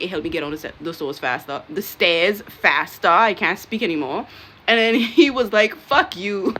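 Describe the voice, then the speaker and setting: Young woman, casual storyteller, lowish voice, animated and cussing, light background noise. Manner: animated, swearing, laughing through the story.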